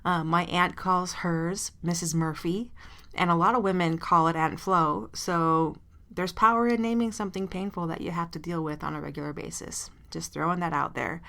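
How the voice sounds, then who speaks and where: Brief: woman solo podcaster, husky fry-laden voice, casual rambling chat. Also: fairly low pitch, fairly even intonation, normal speed, fairly bright tone. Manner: chatty, self-deprecating, many ums and side notes. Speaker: podcast host.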